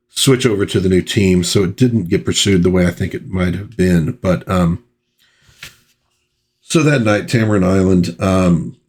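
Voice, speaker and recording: A man's voice: deep voice, darkish tone, breathy edge. A man hosting a casual comic book review, chatting in a loose, rambling way with fillers and reading panel dialogue aloud. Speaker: pop culture channel host.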